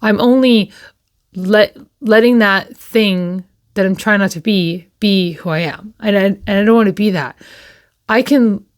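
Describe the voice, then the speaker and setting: A woman and parent hosting a recovery talk, speaking candidly and slowly with frequent pauses and repeated words. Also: medium pitch. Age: adult with children. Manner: candid and slow, pausing often and repeating herself. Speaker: recovery channel host. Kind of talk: reflective personal talk to camera.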